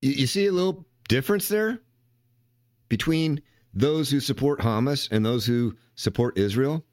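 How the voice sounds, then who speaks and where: A man's voice: mid-range voice, moderate pace, a little mellow, dry recording, clean studio sound. An older man hosting a podcast, giving casual, rambling political commentary full of profanity. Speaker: podcast host.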